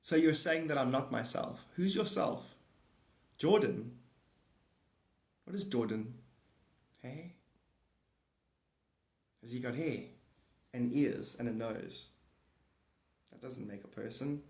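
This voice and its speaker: A man's voice: mid-range voice, slow pace, long pauses, darkish tone. A man hosting a livestream, rambling through a monologue and answering chat comments aloud. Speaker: livestream host. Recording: echoey room.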